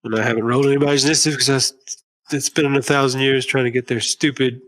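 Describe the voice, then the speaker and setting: A man's voice: mid-range voice, steady tone, fast, fairly bright tone, rough recording. Casual male game master running a tabletop game. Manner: casual, swears, narrates in bursts.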